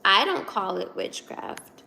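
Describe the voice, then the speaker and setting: Slow-talking young woman with vocal fry. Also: medium pitch, big pitch swings, pushed and bright, a little hiss or hum. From Virginia. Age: 20s. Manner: chatty, giggly, reads comments aloud. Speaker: livestream host reading chat. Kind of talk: casual livestream chat.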